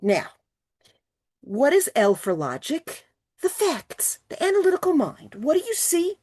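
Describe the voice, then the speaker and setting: Lively woman leading a motivational talk. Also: high voice, a little slow. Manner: lively, animated, coaxing the audience with questions. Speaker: speaker presenting to a women's retreat. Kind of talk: motivational talk over video call. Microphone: video call.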